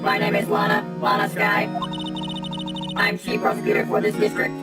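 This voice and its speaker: A text-to-speech voice playing a stern woman chief prosecutor in a game, flat, clipped and dismissive, with a robotic sound. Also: very deep voice, moderate pace, roomy sound, far from the mic, loud music behind the voice, full character voice. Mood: cold.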